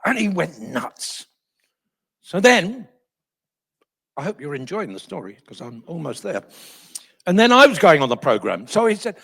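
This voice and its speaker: A man in his seventies telling an animated story at a talk, his voice failing and strained, chatty and self-deprecating. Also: fairly high pitch, moderate pace, gravelly, long pauses, husky. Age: 70s. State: voice failing, coughing. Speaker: guest speaker.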